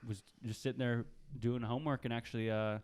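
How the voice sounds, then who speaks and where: A man hosting a podcast, chatting with a guest in an easygoing, halting way full of fillers. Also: medium pitch, little pitch movement, a little mellow, smooth. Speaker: podcast host. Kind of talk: casual interview chat. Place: small room, mics close.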